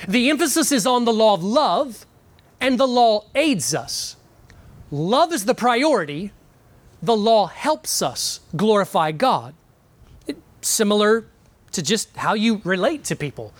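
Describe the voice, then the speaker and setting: A man's voice: high voice, very animated, no echo. A man preaching a sermon earnestly, with frequent "um"s, repeating key words for emphasis. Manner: pauses with frequent fillers.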